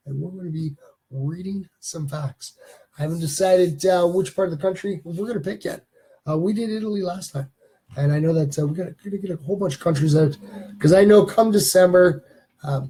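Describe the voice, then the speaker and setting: A man with a husky, mellow voice pitched a little high hosts a live stream from his home studio. He rambles in a chatty way and reads viewers' comments aloud between his own remarks. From Canada. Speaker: host of a live stream show. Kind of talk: casual live-stream chat.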